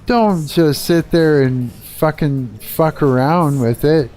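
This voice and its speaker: A man's voice: a little high, takes it slowly, a little mellow, faint music behind. A middle-aged man from Canada, a guitarist hosting a live stream, talking bluntly and swearing a lot in a casual rant. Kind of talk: casual ranting chat.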